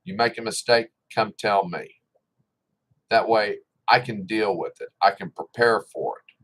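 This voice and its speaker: A man's voice: lowish voice, unhurried, fairly bright tone, poor audio. A middle-aged man giving a casual opinion monologue, blunt and indignant, with sarcasm and swearing. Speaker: political commentator.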